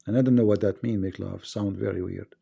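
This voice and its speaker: A man's voice: on the low side, fairly even intonation, fairly quick, creaky, dark tone, slightly rough. A man hosting a livestream, talking casually in English and arguing through rhetorical questions. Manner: argumentative, asks rhetorical questions, non-native grammar. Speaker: livestream host.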